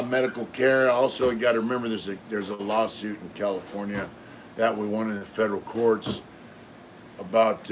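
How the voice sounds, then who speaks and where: A middle-aged man with a lowish voice hosts a live stream, casually telling a long story. He rambles and swears, packing in plenty of fillers. There's a slight hiss or hum behind him.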